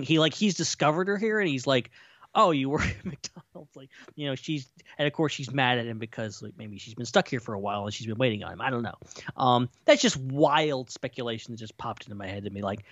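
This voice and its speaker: A man's voice: medium pitch, fairly bright tone, no room sound. Podcast co-host, male, rambly and speculative, dry close mic, a bit lo-fi. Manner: rambling, speculative, lots of fillers. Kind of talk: casual chat.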